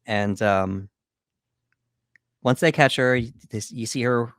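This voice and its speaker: A man's voice: mid-range voice, slow pace, fairly bright tone, no echo, studio quality. A man co-hosting a podcast, casually walking through a horror movie in a laid-back way with lots of fillers. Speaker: podcast co-host. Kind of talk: casual movie breakdown chat.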